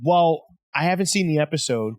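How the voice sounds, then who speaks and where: A man hosting a podcast, chatting casually with animated, profane banter full of repeats. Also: a little high, fairly quick, dry recording, clean studio sound. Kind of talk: casual chat.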